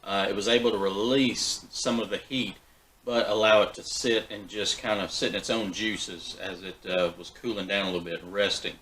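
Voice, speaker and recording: A man hosting a backyard barbecue vlog, talking in a relaxed, folksy way with fillers and restarts. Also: fairly low pitch, moderate pace, a little hiss or hum, poor audio. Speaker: backyard BBQ channel host. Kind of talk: casual cooking vlog.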